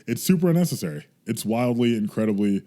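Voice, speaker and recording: A man with a warm, dark voice co-hosts a casual comics podcast. His pitch rises and falls a lot, and he fires off blunt reactions and groans. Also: animated, quick pace. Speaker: podcast co-host. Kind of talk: casual chat.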